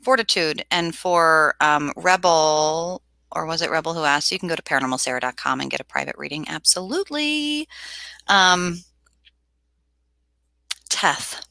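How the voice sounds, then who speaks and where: A woman's voice: deep voice, normal speed, creaky, no room sound. A woman hosting a casual tarot livestream, chatting animatedly, laughing and reading viewers' comments aloud. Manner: animated, reads chat aloud, laughs often.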